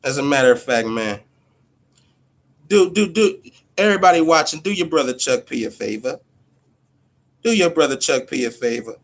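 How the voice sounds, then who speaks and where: A man's voice: mid-range voice, animated, moderate pace, pauses often. A man hosting a casual boxing livestream, talking loosely and profanely, repeating himself and answering his chat viewers. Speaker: boxing show host.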